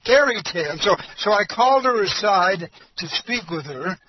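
A man pastor preaching a storytelling sermon in a folksy, halting way, full of fillers and repeats. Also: high-pitched, lively intonation, dull audio, a little hiss or hum.

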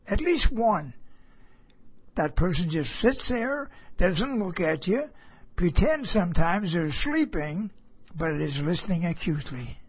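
Slow, husky-voiced preacher telling a story. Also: medium pitch, big pitch swings, muffled recording. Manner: slow, emphatic, repeats phrases for stress. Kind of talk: sermon told as a personal story.

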